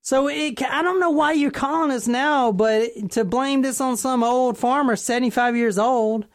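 A woman's voice: high voice, very slow, fairly bright tone, heavily acted. A woman voicing a condescending small-town cop in a drawling rural put-on accent.

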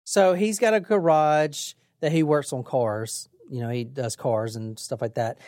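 A woman's voice: extremely low pitch, steady tone, unhurried, a little mellow, dry recording, studio quality. A woman hosting a podcast, telling a true crime story in a casual, blunt way, with swearing. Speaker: podcast host.

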